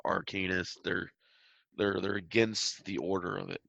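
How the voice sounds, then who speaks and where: A man's voice: low voice, little pitch movement, measured pace, vocal fry, a bit bright, no room sound, highs cut off. A man running a tabletop game as game master, explaining lore with frequent hesitations.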